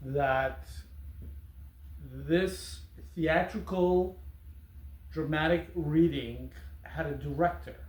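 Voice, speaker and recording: A man hosting a casual interview, speaking in a slow, deliberate, mock-serious way at a theater venue after a performance. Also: on the high side. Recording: roomy echo.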